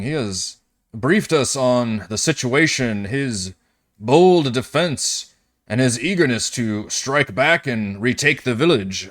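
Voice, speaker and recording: A man voicing a formal male city governor who speaks in a measured, grave way. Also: mid-range voice, fairly bright tone, voice pushed up.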